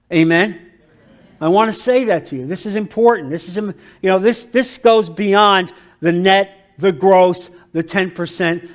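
A man preaching a sermon as pastor, emphatic, moving between loud declarations and quiet asides. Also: sits high.

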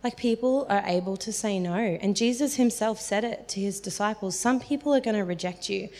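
A woman's voice: mid-range voice, a little fast, darkish tone. A woman giving a casual, earnest sermon about sharing faith, talking chattily with lots of "like" fillers. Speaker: speaker teaching on evangelism. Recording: reverberant hall.

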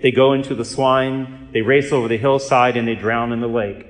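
A man, a Catholic priest and exorcist, giving an earnest, measured storytelling talk with touches of dry humor. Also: mid-range voice, fairly even intonation, faint music behind. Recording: echoey hall reverb.

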